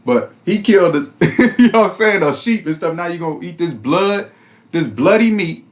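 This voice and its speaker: Laughing man with a lively voice. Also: high voice, normal speed. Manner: laughs often, conversational and mocking. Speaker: bible study host. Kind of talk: casual commentary on scripture.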